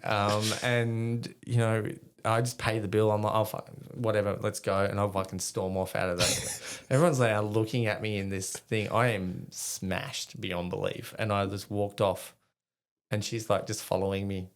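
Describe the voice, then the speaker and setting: Middle-aged Australian man, very low gravelly voice, rambling and sweary, chuckles through his own stories. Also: fairly even intonation, moderate pace. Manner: rambling, swears freely, laughs at himself. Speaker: guest, army veteran. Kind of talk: casual storytelling in an interview.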